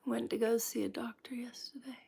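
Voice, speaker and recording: A woman hosting a casual cooking chat, rambling with restarts and often dropping into soft near-whispers. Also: a little high, fairly even intonation, fairly quick, creaky, breathy edge. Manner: chatty and rambling, with frequent restarts. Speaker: host of a cooking chat stream. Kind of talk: casual chat while cooking, reading viewer comments.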